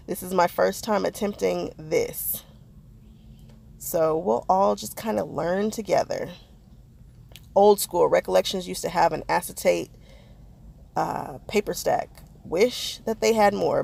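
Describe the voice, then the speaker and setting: A woman's voice: lowish voice, measured pace, gravelly, a little mellow. A woman chatting casually to her viewers as she narrates a craft project, poking fun at her own mistakes. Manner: chatty, self-deprecating, talks to viewers. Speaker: crafting vlogger.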